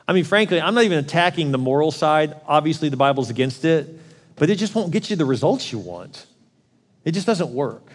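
A fairly high-voiced man preaching to a congregation in a casual, conversational way, slipping into other people's voices as he quotes them. The sound carries a long reverb from a large hall. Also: a little mellow. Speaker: pastor. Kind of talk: sermon.

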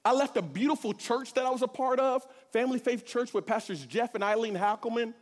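Male preacher, high voice, passionate testimony delivery, swings soft to loud, big hall reverb. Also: fairly quick. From Corpus Christi, Texas. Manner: passionate, swings from hushed to shouting. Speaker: church speaker giving testimony. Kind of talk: sermon testimony.

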